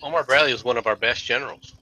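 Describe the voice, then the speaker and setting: A man's voice: medium pitch, very fast, a loud crowd, poor audio. A man from the United States in casual chat who reads tweets aloud and talks history with eagerness.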